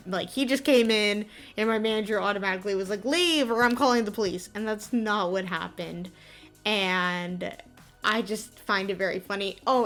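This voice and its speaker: A young woman vlogger casually retelling a story in a chatty, giggly, animated way. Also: mid-range voice.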